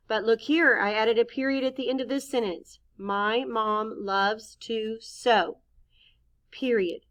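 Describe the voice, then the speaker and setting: A woman's voice: fairly high pitch, a bit bright. A woman teacher giving a recorded writing lesson for young children, patiently thinking aloud as she models each sentence. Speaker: elementary school teacher.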